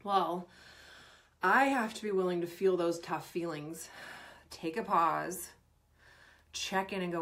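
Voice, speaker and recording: A woman's voice: fairly low pitch, slow pace, long pauses. A woman performance coach in her thirties giving earnest advice to sports parents, often acting out what a parent might say. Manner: earnest, animated, acts out parent lines. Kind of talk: Q&A advice talk.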